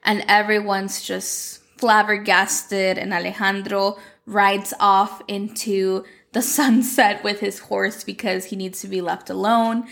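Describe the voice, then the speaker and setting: A young woman recaps a series plot in loose, chatty talk full of "like" and acted-out quotes. Her voice carries a gravelly fry at mid pitch. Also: flat delivery, slow pace, few pauses, a bit bright. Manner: chatty, fills with "like", acts out quotes. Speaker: show recapper.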